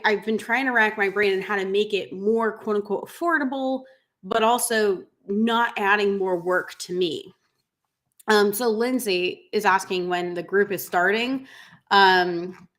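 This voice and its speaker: Speaking to viewers on a live-streamed coaching talk, this middle-aged business coach for pet groomers rambles through plenty of fillers. She's emotional, close to crying, with a medium-pitched and somewhat bright voice.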